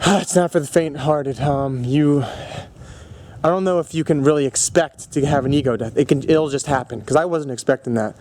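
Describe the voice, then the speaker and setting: A young man vlogging, telling a long personal story in a rambling way, full of fillers and restarts, with bursts of excitement. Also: on the high side, normal speed. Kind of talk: casual storytelling vlog.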